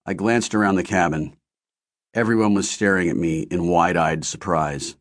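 Low-voiced male audiobook narrator. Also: normal speed. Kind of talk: scripted narration.

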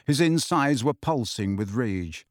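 Male audiobook narrator, lively, expressive, dry close sound. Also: mid-range voice, unhurried, no room sound.

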